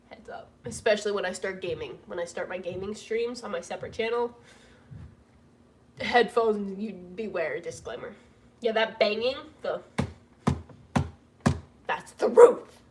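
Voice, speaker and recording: A woman's voice: medium pitch, normal speed, long pauses, far from the mic, a little hiss or hum. A young woman casually reading out donation messages to her viewers, emotional and gushing, laughing through tears. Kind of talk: casual livestream chat. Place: home room with roof work banging.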